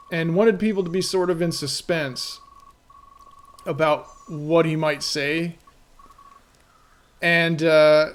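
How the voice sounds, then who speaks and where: A man chatting casually on a live stream as a game developer, rambling and full of fillers, who keeps checking in with "right?". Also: a little high.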